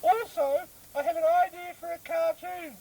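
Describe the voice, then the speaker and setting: A man voicing a squeaky, flustered male opposition leader who keeps fumbling his own name. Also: steady tone, normal speed, gravelly, mellow, slight background noise, poor audio.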